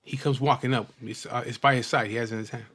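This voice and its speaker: A man's voice: medium pitch, fairly even intonation, fast talker, fairly bright tone. A man tells a story in plain, everyday talk with a mid-range voice. He swears freely and often trips over his words, repeating them before pushing on. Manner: rough, profane, repeats and restarts words. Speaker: biker telling a personal story. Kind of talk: casual spoken storytelling.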